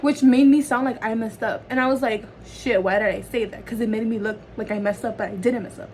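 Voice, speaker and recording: A woman's voice: a little high, quick pace, rough recording. Chatty teen girl with background hiss. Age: teens. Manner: rambling, chatty storytelling with constant fillers. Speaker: vlogger. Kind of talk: get-ready-with-me chat. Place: home, doing makeup. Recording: steady background noise.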